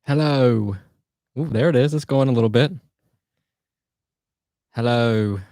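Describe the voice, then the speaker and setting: A man's voice: medium pitch, racing, dark tone, no echo, clean studio sound. A man from the United States chatting casually on a livestream, joking and answering viewer comments.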